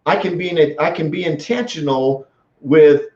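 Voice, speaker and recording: Animated man telling stories in an echoey room. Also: fairly high pitch, normal speed. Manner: animated storytelling with many restarts. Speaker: host. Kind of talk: casual live-stream talk. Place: small office room. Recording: echoey room, dull lo-fi sound.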